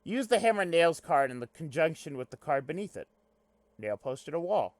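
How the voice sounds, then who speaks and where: A young man reading a webcomic aloud on stream, breaking off into loud, animated asides. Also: fairly high pitch, brisk, dry recording. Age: young adult. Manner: animated, swings to loud excited rants.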